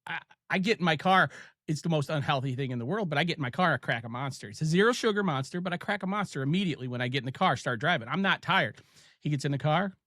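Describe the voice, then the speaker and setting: A man with an Ohio accent hosting a podcast, chatting casually and telling stories with quick asides. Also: on the high side, expressive, a bit bright, dry recording, clean studio sound. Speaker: podcast host.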